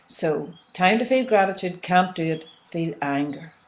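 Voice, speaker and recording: Lower-voiced woman coaching calmly. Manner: calm coaching, checks in often with "okay?"; leads slow breathing and soft repeated release phrases. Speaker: self-help coach. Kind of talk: guided instructional talk on emotional tapping.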